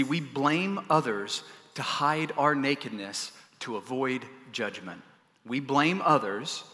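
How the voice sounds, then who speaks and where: A man preaching a sermon, telling stories in an animated way and adding humorous asides. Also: medium pitch, long reverb tail. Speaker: pastor.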